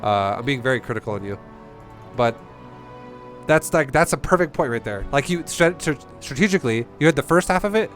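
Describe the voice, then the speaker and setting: A man's voice: medium pitch, expressive, brisk, fairly bright tone, soft background music. A young man giving blunt, profane, rambling coaching on a game. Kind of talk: casual game coaching commentary.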